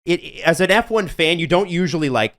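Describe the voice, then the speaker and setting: Emphatic young man, lively pitch. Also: a little fast. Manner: emphatic, swearing, rambling asides. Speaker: podcast co-host. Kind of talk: casual sports chat.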